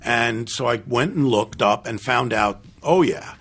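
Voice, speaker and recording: An older man, a film director guest on a podcast, telling animated anecdotes, acting out other people's lines and restarting his sentences with lots of fillers. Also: mid-range voice, measured pace, husky. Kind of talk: casual storytelling interview.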